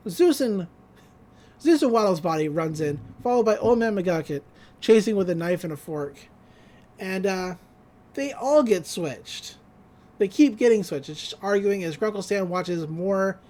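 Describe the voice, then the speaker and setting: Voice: medium pitch, dark tone. A podcast co-host casually recapping a cartoon episode, acting out the characters' lines and laughing along the way.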